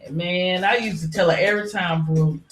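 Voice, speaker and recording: A woman's voice: lowish voice, fairly even intonation, a little fast. A middle-aged woman chatting casually as a live-stream panelist, rambling with lots of "you know" fillers. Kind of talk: casual chat. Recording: echoey room.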